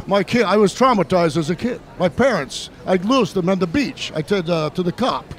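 A man's voice: high-pitched, animated, moderate pace. A middle-aged man from New City, a comedian firing off punchy one-liners and chuckling at his own jokes. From New York City. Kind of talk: stand-up comedy set. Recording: live set with a noisy crowd.

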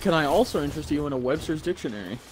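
A man's voice: a little high, lively intonation, racing, a little hiss or hum, low-quality recording. A man chatting during a game with friends, dropping dry wisecracks. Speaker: friend playing along. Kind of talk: casual gameplay chatter with friends.

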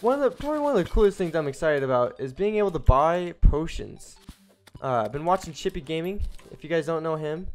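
A young man giving casual, rambling commentary as he streams a video game, breaking into excited exclamations and cutting himself off mid-sentence. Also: fairly high pitch, a little fast. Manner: chatty and rambling, with excited exclamations and self-interruptions. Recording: faint game music behind.

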